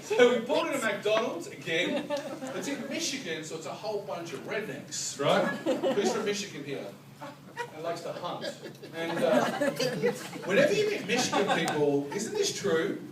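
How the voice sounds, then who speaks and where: A man with an Australian accent performing live stand-up comedy, telling stories in a rambling, animated way with a lot of "like". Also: sits high, moderate pace. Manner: animated, rambling, heavy use of "like". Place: comedy club bar stage. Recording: roomy live club from a distance. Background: loud audience laughter and crowd noise.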